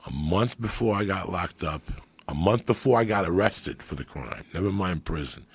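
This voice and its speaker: Gravelly profane New man storyteller. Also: sits low, expressive, normal speed, dry recording. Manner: profane, streetwise storytelling, swings between loud bursts and hushed asides. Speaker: comedian guest. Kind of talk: storytelling podcast chat.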